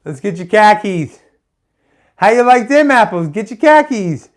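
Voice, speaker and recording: Brief: man doing a loud, cocky Boston dude with a broad Boston accent, a bit high. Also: big pitch swings, a little slow. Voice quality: loud, clumsy impression. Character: brash beer-drinking Boston guy, male, adult.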